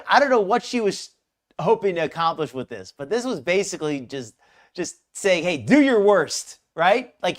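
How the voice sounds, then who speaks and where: A host of a live commentary show who talks in a rambling, chatty way and greets viewers in the chat. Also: medium pitch. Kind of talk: casual live-stream commentary.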